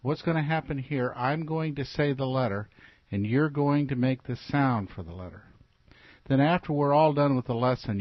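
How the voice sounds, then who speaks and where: In a dull, lo-fi recording with no room sound, a medium-pitched man runs a phonics lesson for children. He patiently repeats letter sounds and asks the kids to say them back to him.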